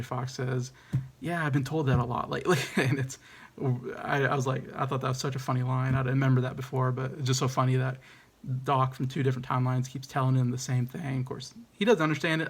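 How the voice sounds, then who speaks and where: A man's voice: medium pitch, creaky. A man giving a casual, enthusiastic movie review, hesitant and rambling with many ums and restarts.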